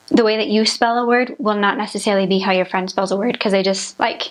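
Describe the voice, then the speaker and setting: A young woman chatting casually at a middle pitch. She rambles freely, with lots of fillers and restarts. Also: rough recording. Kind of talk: casual chat.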